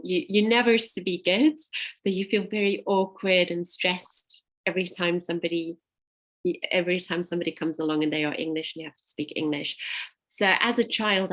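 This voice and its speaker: A woman in her forties with a South African accent, her first language Afrikaans, talks through an interview in a relaxed, rambling way. Her voice sits fairly low, and she often restarts her sentences with "um" and "you know.". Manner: chatty, with frequent fillers and restarts. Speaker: interview guest. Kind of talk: casual conversational interview.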